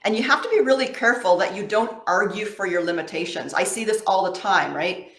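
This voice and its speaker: A woman's voice: mid-range voice, fairly quick, fairly bright tone, reverberant. A woman coach giving a casual motivational talk to camera in an encouraging, affectionate, conversational way.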